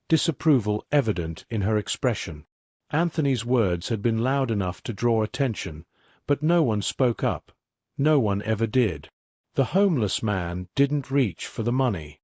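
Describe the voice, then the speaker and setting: A man narrating a scripted dramatic story in a steady, even delivery. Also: mid-range voice, moderate pace, no room sound, clean studio sound.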